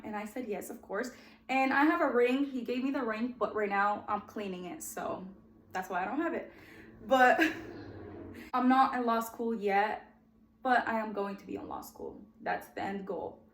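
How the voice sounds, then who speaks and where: Chatty young woman podcaster, roomy echo. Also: fairly high pitch. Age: 20s. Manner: chatty and heartfelt, often addresses "guys". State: emotional, close to tears. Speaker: podcast host. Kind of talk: personal story podcast.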